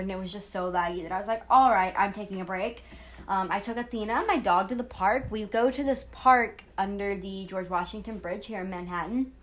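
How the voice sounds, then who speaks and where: A woman recording a casual gameplay voice-over on her phone, chatty and rambling as she comes down with a cold. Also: mid-range voice. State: coming down with a cold. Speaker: gaming channel host.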